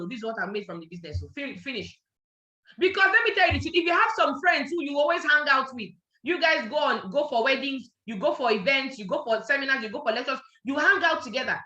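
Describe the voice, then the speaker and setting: A woman's voice: sits high, bright, forceful tone. A Nigerian woman giving a motivational network marketing training, emphatic and repeating her points as she checks that listeners are following. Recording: echoey, dull lo-fi sound.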